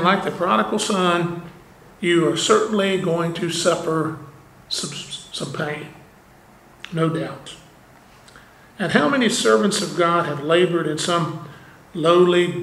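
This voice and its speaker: A man preaching at an unhurried, deliberate pace, his voice sitting high for a man. He presses his points with rhetorical questions and plain, conversational asides. The sound carries a roomy church echo. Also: a bit bright. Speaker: pastor. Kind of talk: sermon. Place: church sanctuary.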